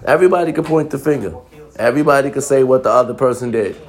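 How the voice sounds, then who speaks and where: A man's voice: mid-range voice, fast. A man giving relationship advice in a blunt, profane casual monologue, repeating lines for emphasis.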